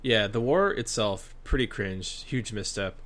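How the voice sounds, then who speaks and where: Deadpan young guy with a lowish voice. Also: unhurried. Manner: deadpan, sarcastic quips. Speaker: podcast co-host. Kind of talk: casual podcast chat.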